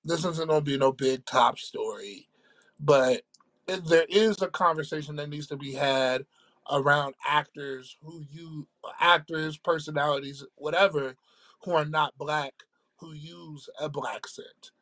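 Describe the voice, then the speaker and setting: A man's voice: fairly high pitch, measured pace, fairly bright tone. Reflective man, keeps asking "right?". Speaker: podcast co-host. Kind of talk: casual chat.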